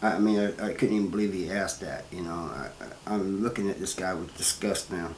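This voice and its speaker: A man telling his own story in a plain, halting way, full of restarts and "you know.". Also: sits low, steady tone, a little mellow. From Missouri, US. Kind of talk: first-person storytelling. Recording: roomy, with faint background noise.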